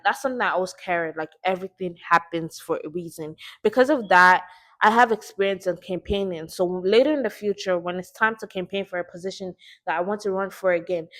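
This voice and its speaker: Teen girl, slight lisp, earnest chatty podcast host, faith talk, rambling with lots of likes. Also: mid-range voice. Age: teens. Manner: chatty, earnest, often repeats herself and says like. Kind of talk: casual faith vlog talk.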